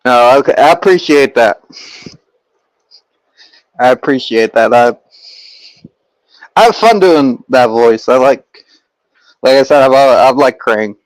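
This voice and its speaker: A man's voice: medium pitch, slow pace, long pauses, no room sound, poor audio. Young guy rambling to his stream chat, lots of um and like, dry close sound. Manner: rambling, many fillers and restarts. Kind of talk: casual chat with viewers.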